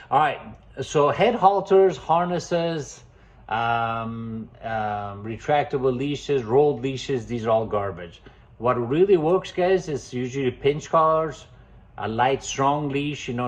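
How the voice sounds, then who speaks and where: A man giving casual dog-training advice, emphatic and constantly calling the viewers "guys". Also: mid-range voice. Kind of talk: casual instructional talk. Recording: dull lo-fi sound.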